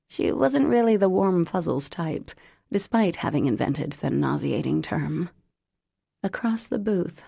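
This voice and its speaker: A woman narrating an audiobook in an expressive, unhurried storytelling manner. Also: lowish voice, vocal fry, no echo, clean studio sound. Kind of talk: scripted narration.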